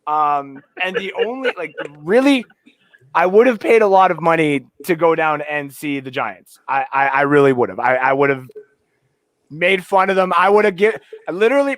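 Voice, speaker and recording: Casting note: high-pitched Canadian man as a live-show host, teasing and self-mocking, close and dry. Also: fairly bright tone, no room sound. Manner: joking, self-deprecating, rambling with restarts. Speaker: podcast host. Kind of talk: casual live-stream chat.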